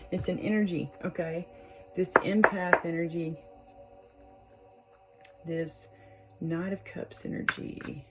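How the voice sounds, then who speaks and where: A woman's voice: on the low side, fairly even intonation, slow, long pauses, over loud music, rough recording. A young woman, chatting casually to her viewers as she reads tarot, laughing often. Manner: chatty, warm, lots of "y'all" and laughs. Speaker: tarot reader, channel host. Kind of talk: casual tarot reading to camera.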